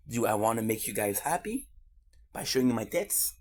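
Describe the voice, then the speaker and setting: A man's voice: fairly low pitch, very animated, brisk. A man from Quebec, Canada, in a casual streamer monologue, rambling on goofy side tangents with swearing and jokes.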